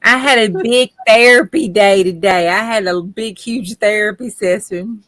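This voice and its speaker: An exhausted woman, co-hosting a late-night livestream and talking slowly and sleepily. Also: mid-range voice, no echo. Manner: slow, drowsy, laughing softly. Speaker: co-host.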